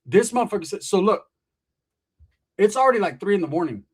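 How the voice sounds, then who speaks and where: A man spinning a wild tale in casual, profane talk. His voice sits a little high for a man, and he keeps slipping into acted quotes before jumping back to the story. He swears freely and never lets the story stall. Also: expressive, a little fast, breathy edge.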